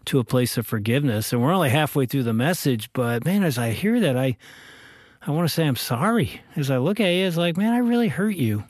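A man's voice: medium pitch, expressive, brisk, no echo, clean studio sound. A man co-hosting a radio show, talking with his wife in an earnest, reflective way. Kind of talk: casual studio conversation.

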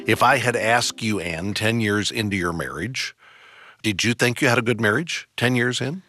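A man hosting a radio interview, steady and measured as he asks questions and points listeners to more resources. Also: fairly low pitch, soft background music. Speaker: radio host.

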